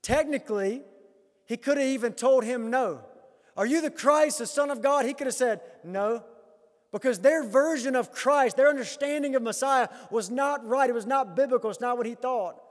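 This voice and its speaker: A man preaching a sermon as a pastor, swinging between loud emphatic rises and quiet hushed lines. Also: very high-pitched, moderate pace, long reverb tail.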